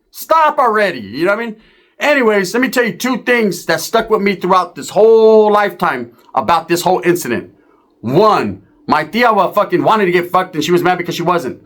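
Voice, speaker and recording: A man telling a profane street story, acting out the other people's voices. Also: a little high. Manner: animated, profane, acts out voices.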